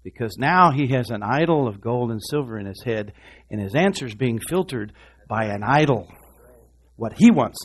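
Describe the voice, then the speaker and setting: A man preaching a sermon, talking straight to the congregation in an animated way, dropping to a hush and then rising loud, with quick asides to the crowd. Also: mid-range voice, husky. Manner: animated, swinging from hushed to loud.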